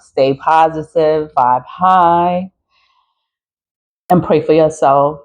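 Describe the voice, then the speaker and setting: Her voice is low and extremely slow, broken by long pauses, and the sound is lo-fi. She's a forties-aged online creator talking bluntly to her phone camera in a casual rant, laughing and cursing often.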